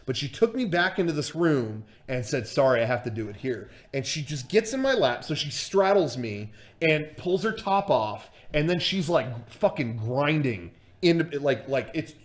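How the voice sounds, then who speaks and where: Animated man telling a wild story. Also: on the high side, unhurried, hardly any pauses. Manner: animated, swears freely, lots of fillers and restarts. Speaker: streamer and storyteller. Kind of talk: casual livestream storytelling.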